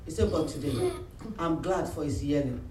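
A pastor preaches with a fairly high voice, playing out his members' lines as he goes. The sound is roomy, picked up from a distance in a church hall with faint background noise. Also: normal speed. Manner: animated preaching, acts out phone calls and voices of church members. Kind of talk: sermon.

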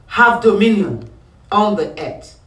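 A man delivers a sermon in a strikingly high, bright voice. He hammers his points through repetition and call-and-response. The sound comes from far off, with a roomy hall echo. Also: very animated, takes it slowly. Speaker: preacher.

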